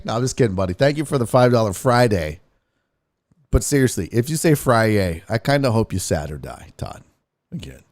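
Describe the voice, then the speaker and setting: A man's voice: fairly low pitch, very animated, brisk, a little mellow. A man hosting a sports livestream in casual chat, joking around with playful, crude banter while reading viewer donations. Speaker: sports show host.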